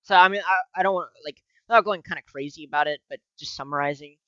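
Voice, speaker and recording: A man with a fairly high, bright and forceful voice, chatting on a podcast with plenty of swearing and laughter. The recording is dry and a little dull and lo-fi. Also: fast, no echo. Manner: profane, animated, laughs often. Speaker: podcast co-host. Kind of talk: casual political podcast chat.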